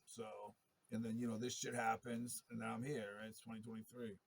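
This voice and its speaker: A man's voice: on the low side, level tone, fairly quick, vocal fry, slight background noise. A man in a long, rambling monologue, talking in a profane and agitated way. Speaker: interviewee telling his story.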